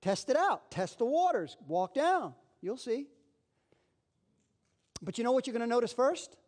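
Brief: male pastor, very high voice, animated sermon delivery with acted-out voices. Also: unhurried. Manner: lively preaching, acts out voices.

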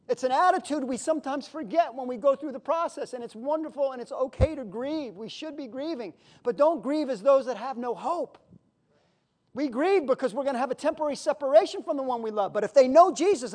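A pastor preaching a sermon in a conversational, emotional way, with sudden loud outbursts. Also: male voice, extremely high pitch, expressive, fairly quick.

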